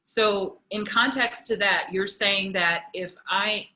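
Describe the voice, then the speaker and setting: A woman's voice: mid-range voice, slow pace, pushed and bright, low-quality recording. A woman speaking as a panelist and counselor in a roundtable over a video call, reflective and questioning.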